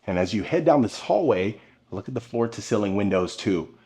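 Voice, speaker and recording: A man's voice: lowish voice, animated, normal speed, mellow. Upbeat man narrating a house tour. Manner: upbeat, enthusiastic, addresses viewers directly. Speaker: home tour host. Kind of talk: narrated home tour vlog.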